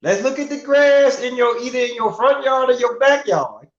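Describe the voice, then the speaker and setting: A man's voice: extremely high pitch, lively intonation, normal speed. A middle-aged man in a casual, profane rant as a livestream host, asking rhetorical questions with emphasis. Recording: roomy, dull lo-fi sound.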